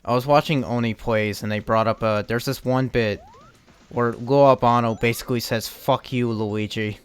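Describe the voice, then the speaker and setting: A young man talks loosely through a game stream, wandering from one thought to the next and cursing offhandedly. His voice sits at an ordinary pitch and comes through smooth and clean. Faint game music plays underneath him. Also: fairly even intonation, normal speed. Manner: rambling, chatty, with frequent restarts and casual swearing. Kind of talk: casual live-stream commentary while playing.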